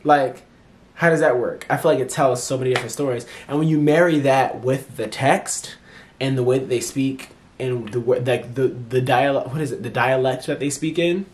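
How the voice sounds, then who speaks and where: Speaking at a normal pace in a mid-range voice, a man reviews a movie for his vlog in a chatty, animated way, with plenty of fillers and restarts and playful impressions of characters. There's a little hiss or hum in the recording.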